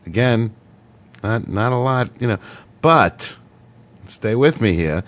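A man's voice: medium pitch, animated, unhurried, long pauses. A man hosting a comedy radio show, bantering casually and goofily, now and then slipping into mock accents. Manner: goofy, jokey, slips into mock accents.

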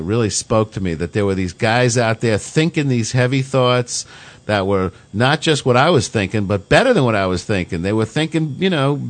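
A man in his fifties telling rambling stories in casual radio chat, swearing freely. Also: fairly low pitch. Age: 50s. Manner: profane, rambling storyteller. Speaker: podcast host.

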